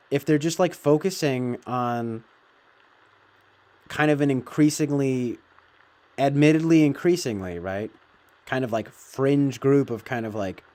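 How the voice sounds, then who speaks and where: Casual man riffing off the cuff, plenty of cursing and filler, mid-pitched voice. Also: darkish tone. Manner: profane, meandering, filler-heavy. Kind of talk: casual rambling commentary.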